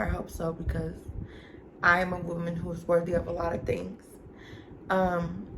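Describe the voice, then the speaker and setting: A woman's voice: fairly low pitch, vocal fry. Young adult woman, talkative vlogger at home, casual storytelling voice, slight room hiss. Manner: chatty, animated, addresses viewers as y'all and girl.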